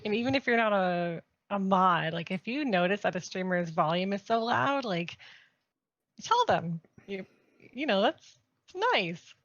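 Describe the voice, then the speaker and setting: A woman's voice: mid-range voice, lively intonation, measured pace, fairly bright tone, no echo. Woman host, giggly, rambling, muffled lo-fi audio. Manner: giggly, rambling, many likes. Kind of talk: casual chat. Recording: dull lo-fi sound.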